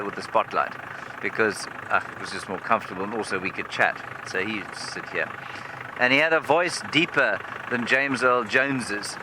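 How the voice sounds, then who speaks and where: A man working as a safari guide, telling a humorous story live from a game drive vehicle outdoors. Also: mid-range voice. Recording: vehicle engine noise outdoors.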